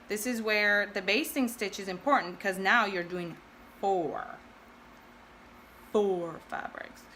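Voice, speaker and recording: A woman's voice: medium pitch, a bit bright, slight background noise. A woman hosting a casual sewing tutorial, chatting and thinking aloud with self-deprecating asides. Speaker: sewing video host.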